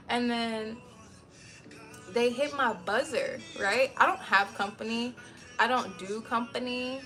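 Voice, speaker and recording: A woman streaming from home, chatting casually with her viewers and telling a story in a lively, profane way. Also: a little high, normal speed, faint music behind. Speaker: live streamer.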